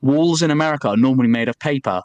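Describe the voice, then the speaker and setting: A man's voice: mid-range voice, very fast, no room sound, highs cut off. Swearing man telling a story. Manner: animated storytelling, heavy swearing, many "like" fillers. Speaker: podcast co-host. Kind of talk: casual chat.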